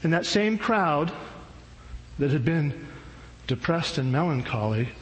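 A man's voice: on the high side, lively intonation, slow, highs cut off. A male pastor preaching a sermon in a casual, slangy, humorous storytelling way. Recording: long hall reverb, faint noise.

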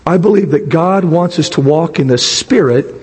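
A pastor preaching a sermon with a hoarse, raspy voice. He builds toward near shouts at his high points. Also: normal speed, big-room sound.

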